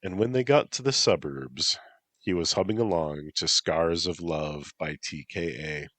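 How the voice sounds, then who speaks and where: A man with a very deep voice reads a fantasy story aloud in a steady, matter-of-fact way. The recording is dry and close, with no room sound. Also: a little slow, dry recording. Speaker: narrator. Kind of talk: audiobook narration.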